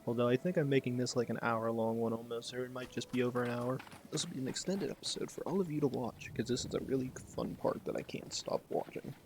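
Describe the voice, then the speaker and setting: Gravelly-voiced gamer making wry remarks. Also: male voice, mid-range voice, fast, few pauses, background noise. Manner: laid-back, wry, reads game dialogue aloud. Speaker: gameplay video creator. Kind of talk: casual let's-play commentary.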